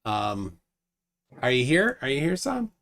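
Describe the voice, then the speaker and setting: A man's voice: medium pitch, huge pitch swings, a bit bright. A man hosting a live debate stream, talking casually with lots of fillers and restarts. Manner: rambling, halting with restarts and fillers. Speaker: livestream host.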